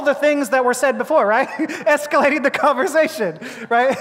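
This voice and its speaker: A man preaching a sermon as a pastor, telling a story with lively acted-out voices and frequent laughter, in a church. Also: very high-pitched, normal speed. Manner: animated storyteller, acts out voices, laughs often. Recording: long hall reverb.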